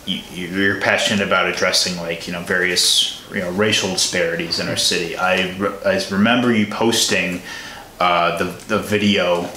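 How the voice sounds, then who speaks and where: A man hosts a podcast, working his way through a question with stops and restarts. His voice is very low but bright and forceful. The room is echoey, with faint noise. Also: steady tone, normal speed. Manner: hesitant, many fillers and restarts. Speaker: podcast host. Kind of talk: casual interview questions.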